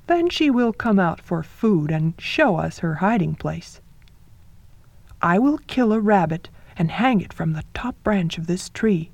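A woman's voice: lowish voice, expressive, measured pace, a little mellow, no room sound. A woman voicing a swift, keen-eyed male eagle who protects his sister, in a storybook folktale. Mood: scheming.

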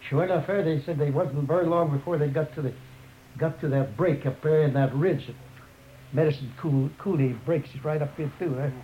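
Man, slightly high voice, telling an oral history in a loose, rambling, repetitive way; dull lo-fi tape with faint hiss. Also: brisk. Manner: rambling, repeats "up there", many restarts. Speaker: storyteller.

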